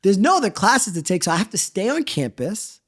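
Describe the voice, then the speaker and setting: A middle-aged chef and restaurant owner, appearing as a guest in a casual interview, tells stories with animation, acting out quotes and swearing freely. His voice sits high and moves a little fast.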